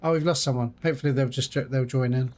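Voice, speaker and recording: Speaking quickly in a steady, darkish, medium-pitched voice, the young British streamer plays a game live and keeps a chatty back-and-forth going, responding to chat as he plays.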